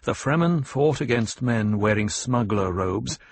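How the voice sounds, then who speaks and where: A man with a mid-range voice narrates an audiobook from a script, reading in a steady, measured way.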